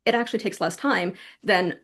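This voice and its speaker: A woman hosting a podcast interview, asking questions and summing up in a calm, affirming way. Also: medium pitch, fairly quick. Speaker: podcast host.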